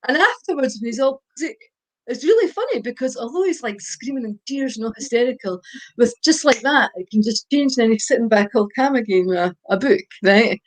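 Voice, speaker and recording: A woman's voice: fairly high pitch, expressive, fairly quick. An older woman, a guest expert, giving parenting advice in a podcast chat, stressing her points and checking in with "right?". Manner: emphatic, repeats points with a tag question.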